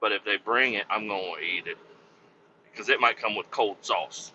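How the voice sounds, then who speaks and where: Rambling, exasperated man, bright tense voice. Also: on the low side, moderate pace. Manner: rambling, exasperated, swears freely. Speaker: podcast host. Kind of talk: casual storytelling monologue. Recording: dull, slightly lo-fi sound with faint noise.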